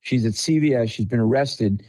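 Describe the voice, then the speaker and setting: A man's voice: medium pitch, moderate pace, no room sound, low-quality recording. A man, a comedian, telling stories on a podcast and acting out the dialogue in them. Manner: animated storyteller, acts out dialogue. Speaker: comedian guest. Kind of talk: storytelling podcast chat.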